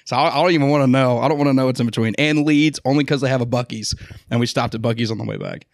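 A man's voice: medium pitch, racing, gravelly, no echo. Blunt city-raised man, dry mic. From Atlanta, Georgia. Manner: blunt, swearing storyteller. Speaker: podcast co-host. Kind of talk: casual sports chat.

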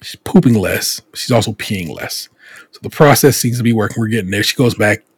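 A male podcast host telling stories in a casual, animated way, swearing freely and slipping into quick acted lines. His voice is husky and breathy. The sound is dry and close. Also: on the low side, dry recording. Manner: animated storytelling with profanity and acted quotes.

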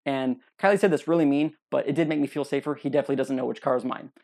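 On his own podcast, a young man spins a funny tale from his life, performing the other people's lines with lots of energy. His voice is medium-pitched, creaky, and rapid-fire.

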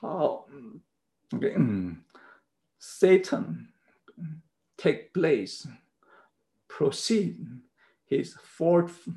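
A man preaching a sermon, teaching slowly through a Bible passage in non-native English phrasing, with emphatic repeated checks like "okay.". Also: fairly high pitch, gravelly, a little mellow, poor audio. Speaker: pastor.

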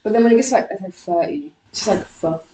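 A young Englishwoman talks quickly and loosely, full of slang, turning her th sounds into f. She sounds a little away from the mic, in a roomy space with some echo. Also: medium pitch, dark tone, recorded from a distance, slight background noise. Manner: fast-talking, slangy, drops th to f. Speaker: podcast co-host. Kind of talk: casual chat.

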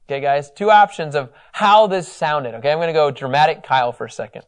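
A man teaching a Bible class, telling the story with animated, joking delivery. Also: mid-range voice, brisk.

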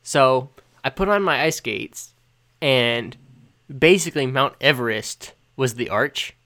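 Young man telling an animated story. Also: medium pitch, slow pace. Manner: animated storytelling, acting out quoted lines. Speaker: podcast co-host. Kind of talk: casual chat.

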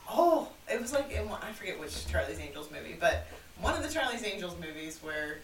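A woman's voice: fairly low pitch, very animated, fairly quick. A woman co-hosting a podcast, chatting casually with lots of "like" fillers. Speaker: podcast co-host. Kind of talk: casual chat. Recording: echoey and a bit distant with faint hiss.

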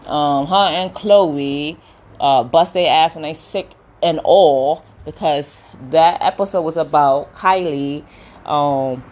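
A chatty woman with a slightly low voice, giving her frank opinions as she recaps a reality show episode. She talks casually, scattering um and you know through her sentences. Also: slow pace. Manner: chatty, opinionated, animated retelling with quoted voices; many fillers like um and you know. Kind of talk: casual chat.

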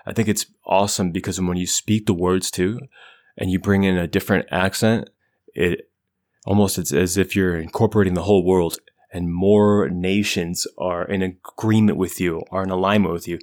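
A man's voice: low voice, fairly even intonation, normal speed, darkish tone. A man chatting casually and upbeat, rambling and correcting himself as he talks through his affirmations and plans. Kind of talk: casual chat with spoken affirmations.

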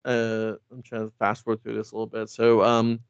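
A man recaps a comic in a loose, joking chat, rambling and putting on quick voices for the characters. His voice is smooth and clear, recorded dry and close. The audio sounds a little dull. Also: fairly low pitch, monotone, no echo. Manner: rambling, joking, acts out lines in quick impressions. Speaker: podcast co-host recapping a comic. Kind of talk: casual comedic recap.

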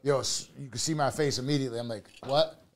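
A man in his thirties from Buffalo, New York, with a middle-pitched voice, hosts a relaxed podcast chat. He tells long stories in a lively, profane way and acts out the lines of the people in them. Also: racing. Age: 30s. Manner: animated storyteller acting out quoted lines, profane. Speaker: podcast host.

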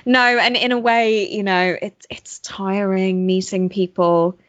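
A woman's voice: medium pitch, fairly even intonation, takes it slowly, no echo, lo-fi sound. A young woman in casual podcast chat with a neutral English accent, laughing often and poking fun at herself. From Belgium. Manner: chatty, laughs often, self-deprecating. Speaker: podcast co-host.

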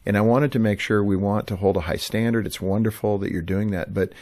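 A man's voice: on the low side, fairly even intonation, brisk, darkish tone, no room sound. A man hosting a parenting podcast, asking follow-up questions and sharing about his own children in a reflective way. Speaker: podcast host. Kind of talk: casual interview chat.

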